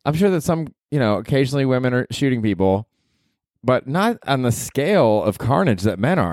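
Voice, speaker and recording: A man in his forties hosting his own podcast, rambling through a solo monologue with lots of swearing, self-mockery and sudden high mock voices, recorded at home in a dry close setup. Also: very animated, fairly quick, darkish tone, no room sound. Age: 40s. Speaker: podcast host and stand-up comedian. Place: New York apartment. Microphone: handheld field recorder.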